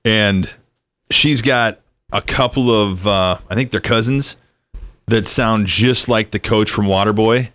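A man's voice: on the low side, fairly bright tone, clean tone, dry recording. Laid-back man in a dry booth. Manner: laid-back, laughs easily, quick asides. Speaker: podcast host. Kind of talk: casual podcast chat.

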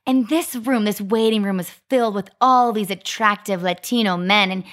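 A woman's voice: mid-range voice, normal speed, a bit bright. Woman, thirties, podcast co-host, casual storytelling, lots of filler words. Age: 30s.

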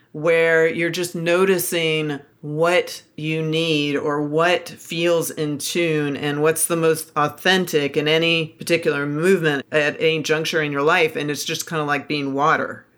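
A woman co-hosting a podcast in casual conversation, explaining her ideas in a reflective, measured way. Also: deep voice, fairly bright tone. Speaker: podcast co-host.

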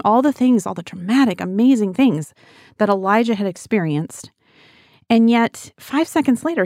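Middle-aged woman, devotional Bible teacher, earnest and chatty, mid-pitched voice, dry close recording. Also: darkish tone, dry recording. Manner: earnest, conversational, addresses listeners as guys.

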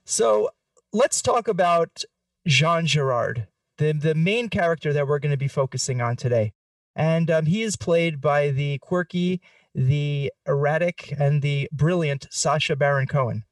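A man's voice: fairly high pitch, measured pace, no echo, distant mic. A man hosting a podcast, talking in a playful, jokey way. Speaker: podcast host. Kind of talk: casual podcast discussion.

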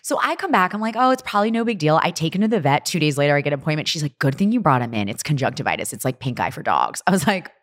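Animated low-voiced woman in a dry room. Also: very fast, few pauses, no room sound. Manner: animated storyteller, acts out quotes. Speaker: podcast co-host. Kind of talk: casual chat.

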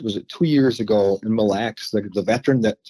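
A man who is a veteran guest, chatting casually in an interview, halting and repeating words as he talks. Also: fairly low pitch, warm tone, breathy edge, no echo.

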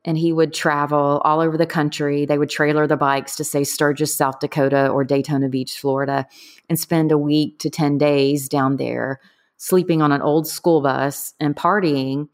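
Low-voiced middle-aged woman, earnest, telling her own story with lots of ums. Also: level tone, normal speed. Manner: candid, earnest, trailing off with fillers. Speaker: guest. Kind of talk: personal storytelling in conversation.

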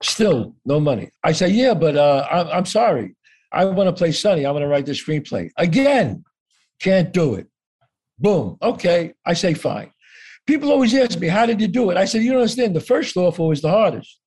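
A man's voice: high-pitched, very animated, fairly quick, darkish tone, breathy edge. An older man telling his story as a podcast guest, acting out both sides of each conversation and swearing freely. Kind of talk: animated storytelling.

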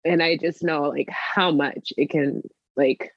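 A woman's voice: deep voice, fairly even intonation, slow, no echo, lo-fi sound. A woman being coached, talking hesitantly with many fillers, candid and emotional about her work. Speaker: coaching client, joy strategist for working moms. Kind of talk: coaching conversation, role-play practice.

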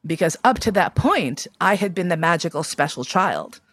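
A woman's voice: fairly low pitch, expressive, normal speed, fairly bright tone, no echo. A woman in her fifties from New York City, telling personal stories candidly and expressively, swearing casually. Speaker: guest.

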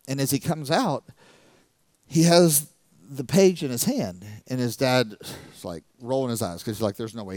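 A middle-aged man telling a story as a motivational speaker, animated, acting out the voices of the people in it. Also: medium pitch, no room sound. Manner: animated, acts out the voices of people in his stories. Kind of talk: storytelling talk to a live audience.

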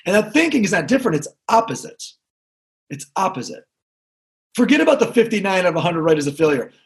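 A man giving an energetic motivational talk to a sales team. He repeats his key points and asks the crowd questions. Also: high-pitched, rapid-fire. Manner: energetic, repetitive, talks to the crowd. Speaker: sales trainer.

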